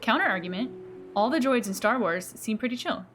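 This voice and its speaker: A woman's voice: fairly high pitch, lively intonation, a little fast, fairly bright tone. Giggly woman streamer chatting with viewers. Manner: bubbly, giggly, self-teasing, reacting to chat. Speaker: game streamer. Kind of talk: casual live-stream chat with viewers.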